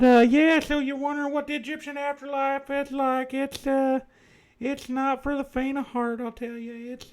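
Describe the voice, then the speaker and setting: A man voicing the ghost of an effeminate Southern man with a lisp, talking in a soft drawl during a comic livestream. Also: extremely high pitch, pitched above the performer's own voice.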